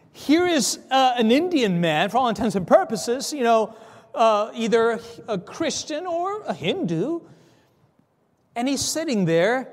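A man telling a story in a sermon, animated, acting out dialogue, with frequent stammering restarts. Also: very high-pitched, in a large hall. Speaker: preacher. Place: church.

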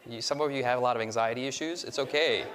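A man's voice: medium pitch, fast, a bit bright, a little hiss or hum. A man preaching as a pastor, leading the congregation in call-and-response with self-deprecating humor. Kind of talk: sermon. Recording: reverberant hall.

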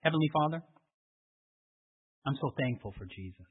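A man preaching a sermon, telling a story and then making emotional appeals that swell and drop to hushed prayer. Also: medium pitch, lively intonation, normal speed, breathy edge. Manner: emotional, rising to fervent appeals and dropping to hushed tones. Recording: tinny phone-like audio.

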